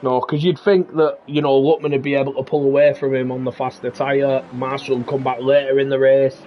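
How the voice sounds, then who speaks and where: A man's voice: mid-range voice, flat delivery, fairly quick, dull audio, a little hiss or hum. A man co-commentating a live sim race, chatty and laying out strategy and stats.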